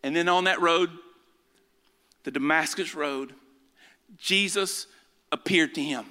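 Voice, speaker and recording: A middle-aged man preaching a sermon as pastor, swinging between loud urging and hushed asides. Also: fairly high pitch, slow pace, clean tone. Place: church sanctuary. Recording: long hall reverb.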